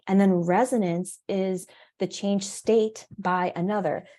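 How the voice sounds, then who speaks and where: A woman parent coach hosting a podcast, explaining ideas in a reflective way, laughing at her own examples and acting out short dialogues in a higher voice. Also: steady tone, unhurried, warm tone. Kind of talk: solo podcast teaching.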